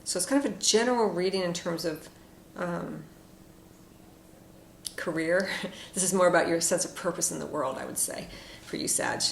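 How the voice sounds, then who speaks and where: Gravelly-voiced woman reading tarot cards. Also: on the low side, moderate pace. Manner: soothing, reflective, many fillers and asides. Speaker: tarot card reader. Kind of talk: casual spoken tarot reading. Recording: echoey room with faint noise.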